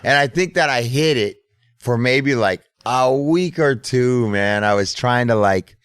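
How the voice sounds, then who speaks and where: A man's voice: medium pitch, a little slow, a bit bright, clear, resonant tone, no room sound, clean studio sound. A middle-aged man telling a casual, profane story as a podcast host. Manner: profane, laid-back storyteller.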